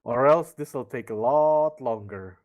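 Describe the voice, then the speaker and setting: A man co-hosting a live reaction to an animated series, in casual chat, laughing often. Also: medium pitch, unhurried. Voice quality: laughs often, chatty and playful.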